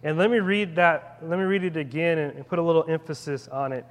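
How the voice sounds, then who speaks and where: A man's voice: a little high, fairly even intonation, fairly quick, few pauses, big-room sound. A man preaching a sermon in a casual, conversational way, with rambling asides and frequent restarts. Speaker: pastor.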